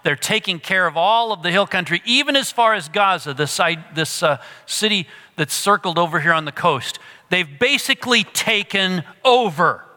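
A man preaching a sermon, animated at times and dropping to a hush for emphasis. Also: sits high, moderate pace, big-room sound. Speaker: pastor.

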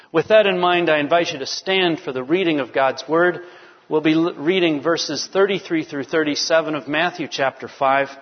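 A man's voice: a little high, dull audio. Man preaching in a reverberant church. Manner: measured preaching with scripture reading. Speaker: pastor. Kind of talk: sermon. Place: church sanctuary.

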